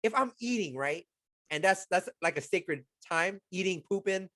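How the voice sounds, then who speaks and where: High-voiced dude, chill, slangy, laughs a lot reviewing a movie. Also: male voice, expressive, moderate pace, a bit bright. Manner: laid-back, laughs often, uses slang. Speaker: podcast co-host. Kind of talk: casual movie review chat.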